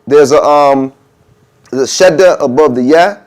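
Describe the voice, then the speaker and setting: This adhan instructor leads a workshop in a mosque room, chatting casually, voicing pronunciations to show them and repeatedly asking "okay?" His medium-pitched voice is darkish, and he speaks unhurriedly with frequent pauses.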